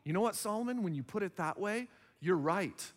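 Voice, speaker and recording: A man's voice: high-pitched, expressive, brisk, long reverb tail. A man in his thirties preaching a sermon as pastor, conversational, acting out little dialogues. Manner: conversational, acts out little dialogues in other voices.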